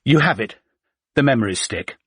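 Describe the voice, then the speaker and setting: A man voicing a gangly, flustered businessman who talks in a hurried, placating way. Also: medium pitch, expressive, husky, no echo, clean studio sound, pitched above the performer's own voice. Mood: eager.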